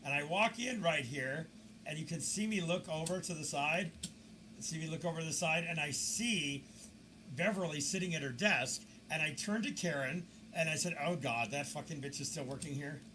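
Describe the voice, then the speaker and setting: A man narrating security camera footage as a video commentator, telling the story in a lively way with mocking asides. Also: on the high side, normal speed, background noise.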